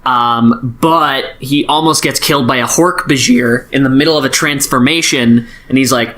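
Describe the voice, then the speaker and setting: Casual podcast host recapping with voices. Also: male voice, mid-range voice, a bit bright. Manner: loose, profane, acts out characters in quick voices. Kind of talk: casual chat recapping a book.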